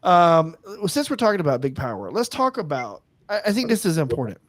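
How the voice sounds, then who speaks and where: A man's voice: fairly high pitch, big pitch swings, brisk, no echo. A man co-hosting a casual live-stream chat, rambling with lots of fillers and restarts and laughing easily. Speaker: co-host.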